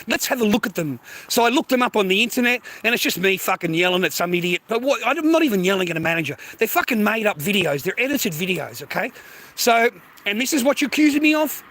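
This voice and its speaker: A man's voice: high voice, a bit bright, slight background noise, rough recording. A man with an Australian accent ranting in a casual, heated, profanity-filled monologue. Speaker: streamer.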